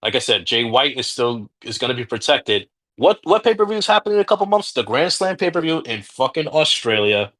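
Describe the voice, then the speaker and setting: A man's voice: mid-range voice, big pitch swings, brisk, few pauses, fairly bright tone. A man from the United States co-hosting a casual wrestling podcast, rambling and swearing freely. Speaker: podcast co-host.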